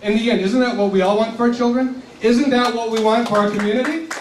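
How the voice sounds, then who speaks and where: A man's voice: very high voice, fast talker, slight background noise. A man in his seventies from South Texas gives an earnest, passionate public speech as a community organization leader. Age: 70s. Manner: earnest and passionate, at times choked up with emotion. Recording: echoey hall, speaker far from the mic.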